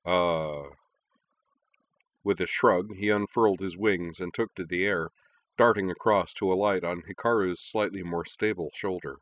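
A man narrating a story in a lively, expressive reading. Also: low-pitched, normal speed, no echo.

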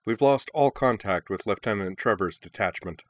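A man voicing a hurried male adjutant. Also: lowish voice, no echo, lightly acted. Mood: urgent. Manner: blurted report.

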